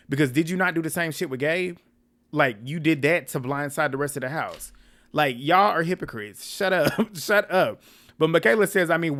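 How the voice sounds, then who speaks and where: A man hosting a casual reality TV recap, animated and laughing often as he quotes the cast with exasperation. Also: on the high side. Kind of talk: casual reaction commentary.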